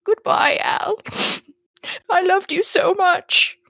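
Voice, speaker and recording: A woman's voice: extremely high pitch, fairly even intonation, takes it slowly, vocal fry, sharp tone, no echo, pitched above the performer's own voice, full character voice, poor audio. A woman voicing a weepy, gushing woman who is mourning her dead dog, sobbing and breathless. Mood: tearful.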